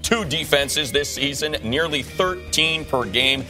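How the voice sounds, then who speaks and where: A man hosting a fantasy football studio show, reading stats in a brisk, energetic way. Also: a little high, music in the background. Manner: brisk, stat-heavy delivery. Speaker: host.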